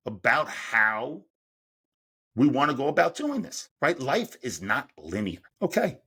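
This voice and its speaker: A man's voice: mid-range voice, big pitch swings, slow pace, sharp tone, breathy edge. A middle-aged man, a mental performance coach, explaining his method in an interview and asking himself rhetorical questions as he goes. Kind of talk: podcast interview answer.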